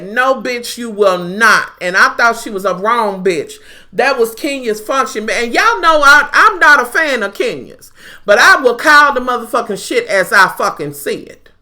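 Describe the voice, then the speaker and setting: A woman's voice: a little high, pushed and bright. A woman giving a blunt, profane, sassy recap of a reality TV episode. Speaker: TV recap vlogger. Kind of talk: casual reality-TV review.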